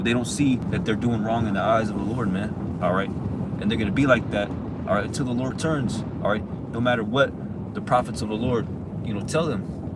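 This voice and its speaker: A man's voice: lowish voice, heavy background noise. A man on a livestream, ranting about religion in a heated, profane way, packing in lots of "all right" and "you know" fillers. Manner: heated and agitated. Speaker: livestream host. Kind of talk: casual religious rant.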